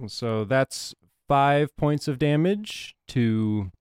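A man with an ordinary middle-pitched voice plays a tabletop game, relaxed and prone to chuckling. He hesitates with fillers as he counts out his cards. The sound is dry and close. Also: clean tone, no echo. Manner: laid-back, chuckling, halting while counting cards. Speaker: player.

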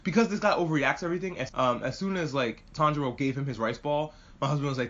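A man chatting casually and excitedly as a podcast host reviewing an anime, swearing freely and rambling. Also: on the high side, fast. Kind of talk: casual chat. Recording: muffled lo-fi audio.

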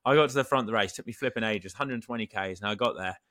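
A man co-hosting a casual podcast, teasing his friends with quick banter. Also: fairly low pitch, sharp tone. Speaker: podcast co-host. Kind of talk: casual chat.

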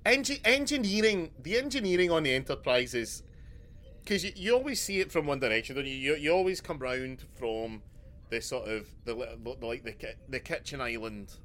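A man's voice: medium pitch, lively intonation, a little fast, fairly bright tone. A Scottish man co-hosting a podcast, chatting casually in a jokey, rambling way and laughing often. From Scotland. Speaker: podcast co-host. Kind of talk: casual chat.

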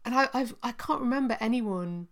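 A woman co-hosting a podcast, chatting casually and thoughtfully about a TV series, often pausing with ums. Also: fairly high pitch. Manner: thoughtful, hesitant with frequent ums. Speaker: podcast co-host.

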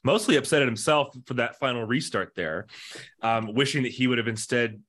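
This podcast co-host has a medium-pitched, slightly bright male voice and a brisk pace. He talks motor racing in a casual chat, leaning on "you know" a lot, his voice rising whenever he makes a point.

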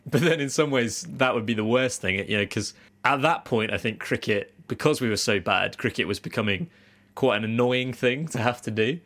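A man co-hosts a podcast in casual chat, telling stories in a rambling, self-mocking way. His medium-pitched voice has a fairly bright tone and moves at a moderate pace.

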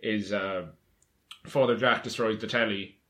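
A young man chatting casually, calmly retelling scenes from a sitcom. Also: fairly low pitch, unhurried. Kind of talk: casual chat.

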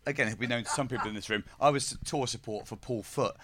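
A man's voice: medium pitch, quick pace, fairly bright tone. A man, a comedian on a live panel, telling a rambling story full of fillers. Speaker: comedian, house player. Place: live venue with audience. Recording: live room with crowd noise.

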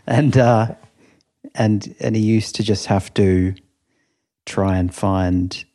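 A man's voice: lowish voice, steady tone, takes it slowly, mellow. A man co-hosting a podcast, telling rambling stories in casual chat and laughing often. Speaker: podcast co-host.

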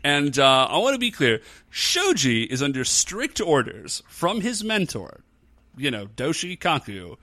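A man's voice: mid-range voice, unhurried. A man co-hosting a podcast, chatting casually and joking as he recaps a TV episode. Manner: animated, laughing, joking. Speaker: podcast co-host. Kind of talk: casual chat recapping a TV show.

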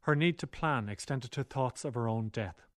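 A man reading scripted documentary narration in an even, measured way. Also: medium pitch, no room sound, clean studio sound.

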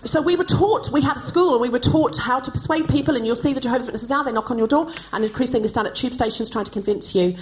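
A woman's voice: high-pitched, fast talker, few pauses, a little hiss or hum, rough recording. A woman in her forties from Australia, hosting a podcast on a live stage and delivering a stand-up comedy monologue with wry, self-mocking timing. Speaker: podcast host. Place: live stage before an audience.

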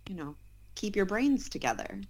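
A woman's voice: mid-range voice, wildly swooping pitch, normal speed, creaky, darkish tone. A woman co-hosting a casual football podcast, wry and rambling, with sarcastic asides.

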